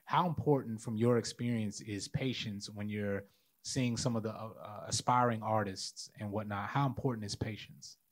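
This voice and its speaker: Low-voiced male host with quick quips. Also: steady tone. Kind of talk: casual chat.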